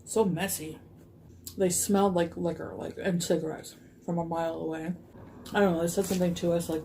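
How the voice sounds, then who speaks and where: Woman rambling thru a storytime, mellow lowish voice, bit of noise behind. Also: steady tone, moderate pace, long pauses. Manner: rambling, frequent fillers, laughs easily. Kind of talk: casual storytime.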